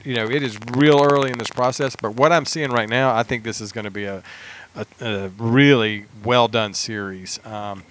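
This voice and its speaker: A man co-hosting a podcast, chatting casually about films and shows with many pauses and restarts. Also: medium pitch, a little hiss or hum. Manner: relaxed, halting, many ums and restarts. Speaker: podcast co-host.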